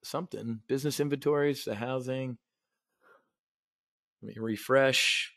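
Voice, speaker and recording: A man's voice: mid-range voice, steady tone, a little slow, gravelly, a bit bright, no room sound, clean studio sound. A man hosting a market briefing, ranting bluntly and sarcastically, with casual swearing and frequent restarts. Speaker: host of a trading market briefing. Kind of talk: casual profane livestream commentary.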